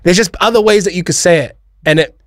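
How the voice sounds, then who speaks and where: A man's voice: high voice, quick pace, no room sound, clean studio sound. A young man hosting casual radio banter, rambling and laughing with restarts. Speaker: radio host.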